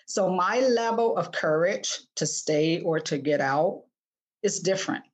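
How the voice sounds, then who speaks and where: A woman's voice: fairly low pitch, expressive, measured pace. A woman in her sixties, a guest author speaking earnestly in an interview, often restarting her sentences. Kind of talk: podcast interview.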